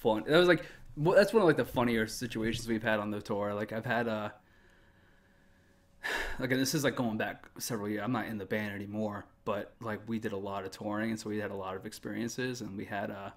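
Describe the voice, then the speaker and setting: A man's voice: on the low side, fairly quick. A man in casual talk, telling a story as a podcast guest, rambling and profane, filling it with "like". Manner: rambling, profane, lots of "like" fillers. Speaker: podcast guest, former band member.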